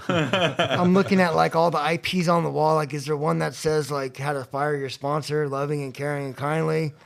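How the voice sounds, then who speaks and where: Podcast guest, male, somewhat high voice; lively storyteller who acts out quotes, then drops quiet. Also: normal speed, gravelly. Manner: animated, acts out quotes with rising pitch and loudness; drops to a quiet, low voice when reflective. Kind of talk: storytelling in a recovery podcast interview. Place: room at a convention.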